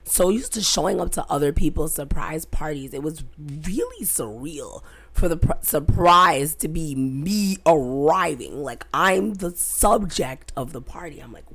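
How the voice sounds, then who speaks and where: Animated young woman, low husky voice. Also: unhurried. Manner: animated, drops into whispers for quoted thoughts. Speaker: podcast co-host. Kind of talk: casual storytelling chat.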